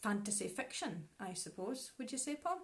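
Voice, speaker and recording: A woman's voice: on the high side, very animated, normal speed. A Scottish woman co-hosting a live stream in a casual, chatty way, mixing in Scots words. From Scotland. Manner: chatty, easy laughs, drops into Scots words. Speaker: co-host, musician.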